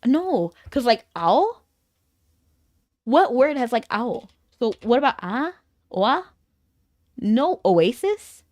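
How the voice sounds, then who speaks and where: A chatty woman streamer talks casually to her viewers while she plays a game, her slightly high voice rising and falling in a very lively way. She rambles through stories and laughs often. The sound is close and dry, with almost no room echo. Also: takes it slowly, pauses often. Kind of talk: casual chat while playing an online game.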